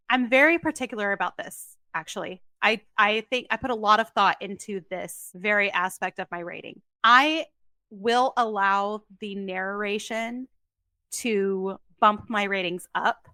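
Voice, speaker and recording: A young woman co-hosts a casual podcast chat, and her voice comes across bright and crisp. She talks emphatically and keeps up a quick, chatty flow, with a dry, close sound. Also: medium pitch, no room sound. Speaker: podcast co-host.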